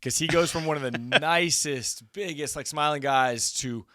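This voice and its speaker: A middle-aged male coach co-hosts a casual stat show, eagerly shouting out his players. His voice is bright and forceful. The recording is close and dry. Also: fairly high pitch, no room sound. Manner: enthusiastic, hyping players, quick asides. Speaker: football coach and co-host. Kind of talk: casual sports chat.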